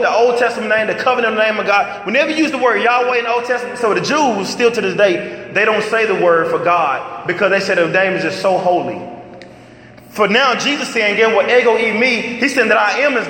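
Male preacher, high bright voice, animated call-and-response delivery, long hall reverb, faint room noise. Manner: lively, call-and-response preaching with rising shouts. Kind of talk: sermon.

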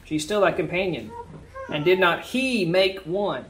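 A man's voice: high voice, a little slow, fairly bright tone, slight background noise. A man leading a Bible study, reading scripture aloud and then explaining it in plain, casual words.

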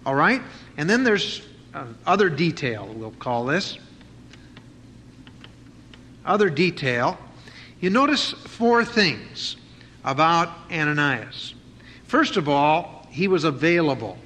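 A man's voice: a little high, big pitch swings, slow, long pauses, pushed and bright. A man preaching an expository sermon in a conversational way, with frequent fillers and restarts. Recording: faint noise and long reverb of a hall.

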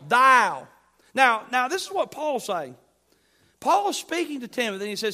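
A pastor delivers an emphatic sermon, alternating loud bursts with quiet asides and posing questions to the congregation. His voice is high-pitched, animated, and fairly quick.

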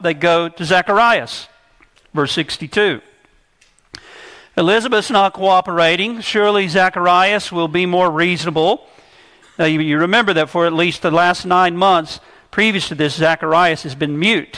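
A man's voice: on the high side, a bit bright. A man preaching an expository sermon to a church congregation, stressing key words with emphasis. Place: church service.

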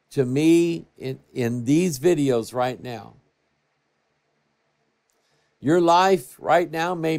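A male pastor preaches slowly, in an unhurried, drawn-out delivery, with a gravelly, fry-laden voice pitched somewhat high for a man. He tells stories and swings from hushed, quiet passages to raised, emphatic ones. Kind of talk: sermon. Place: church TV broadcast.

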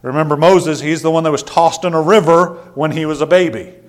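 A pastor preaching an evening sermon with a relaxed, chatty manner. His voice sits a little high for a man, and he stumbles over and repeats words as he goes. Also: fairly quick. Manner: folksy, conversational preaching with repeated words and asides.

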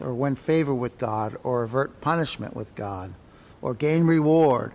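A man's voice: medium pitch, long reverb tail. A man teaching a Sunday school Bible class in a folksy, conversational way, repeating key phrases and checking in with "right?".

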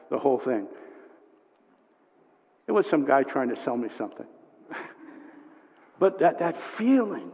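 A man preaching a sermon, telling stories and swinging from hushed asides to impassioned build-ups. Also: a little high. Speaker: pastor. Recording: dull lo-fi sound, long hall reverb.

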